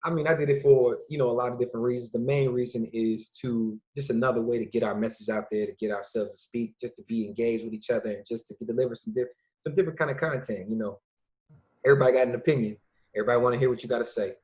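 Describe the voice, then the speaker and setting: A man from Illinois, a podcast guest and youth mentor, talking casually and acting out quoted dialogue with lively changes of voice. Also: medium pitch, fast. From Lake County, Illinois, USA. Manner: lively storyteller who acts out quoted dialogue. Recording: dull lo-fi recording.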